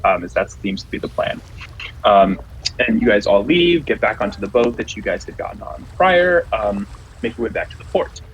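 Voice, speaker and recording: Give me a man narrating a tabletop game as game master, pausing often to say um. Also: fairly low pitch, big pitch swings, dull audio, slight background noise. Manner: halting, many fillers.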